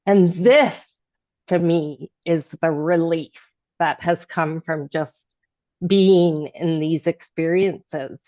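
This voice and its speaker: A woman sharing a personal story in a casual group chat, rambling and restarting, now and then bursting into loud, animated remarks. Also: low voice, takes it slowly, no echo, muffled recording. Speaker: group participant.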